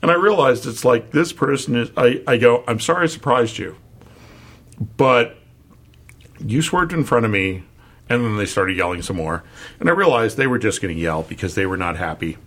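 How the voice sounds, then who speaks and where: A man on a casual podcast telling a story and swinging his voice up high to mimic other people. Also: animated, normal speed, fairly bright tone. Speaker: podcast co-host. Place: San Francisco area.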